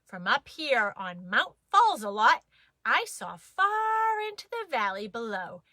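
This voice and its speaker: A woman reading a children's story aloud, playful and expressive. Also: fairly high pitch, takes it slowly, no room sound.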